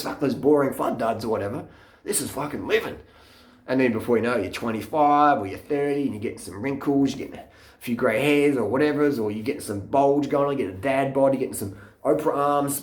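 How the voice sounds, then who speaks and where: A man's voice: medium pitch, fairly quick, roomy sound. A man, vlogging into a handheld camera in a blunt, mocking rant full of swearing. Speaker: fitness vlogger. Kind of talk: profane off-the-cuff rant.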